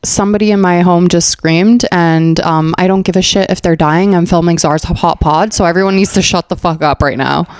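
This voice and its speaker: A woman's voice: on the low side, fairly even intonation, moderate pace, hardly any pauses, a little mellow, smooth, no echo. A young woman from Afghanistan hosting a comedic podcast at home, chatty and sarcastic, laughing often and filling her talk with "like". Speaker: podcast host.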